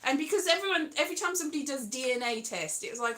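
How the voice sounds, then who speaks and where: A woman's voice: high voice, animated, rapid-fire, pushed and bright. A woman rambling in a casual monologue, chatty and self-deprecating, sometimes slipping into a sing-song tone. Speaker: vlogger.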